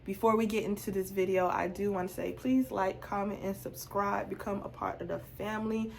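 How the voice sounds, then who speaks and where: A young woman vlogger telling a casual storytime, animated and acting out both sides of her conversations. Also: medium pitch, fairly quick, vocal fry, slight background noise.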